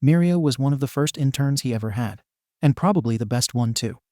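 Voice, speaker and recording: A man reading a fan fiction story aloud in a plain, steady way. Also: medium pitch, brisk, dry recording, clean studio sound. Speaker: narrator.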